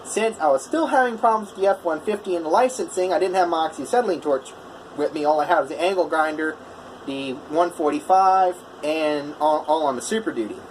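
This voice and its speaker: A man's voice: on the high side, a little fast, a little hiss or hum, rough recording. A man, a welder, casually telling a story in a vlog, rambling with lots of fillers and restarts. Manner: rambling, full of "you know" and "I was like".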